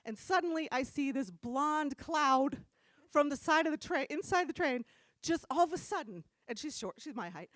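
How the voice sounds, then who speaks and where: A middle-aged woman from New Jersey preaching in a church room, telling stories in a casual, animated way and laughing often. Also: high-pitched, normal speed, no room sound. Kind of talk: casual storytelling sermon.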